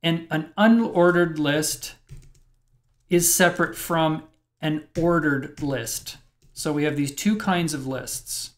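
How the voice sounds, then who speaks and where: A man's voice: a little high, slow pace. A man teaching web programming in a screencast lecture, thinking aloud and explaining step by step as he types.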